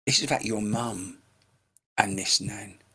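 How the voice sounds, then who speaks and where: A man's voice: lowish voice, measured pace, pushed and bright, slightly rough. Chatty man giving a live reading. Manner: chatty, searching, talks straight to viewers by name. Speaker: psychic medium. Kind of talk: live-streamed mediumship reading. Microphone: computer microphone.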